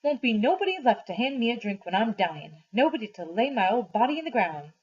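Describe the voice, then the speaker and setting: Old grandmother, stern and sorrowful, read by a woman; weary, gruff delivery, pitched up, muffled lo-fi recording. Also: sing-song, fairly quick, a little mellow. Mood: mournful. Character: grieving elderly enslaved grandmother, stern. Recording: dull lo-fi recording.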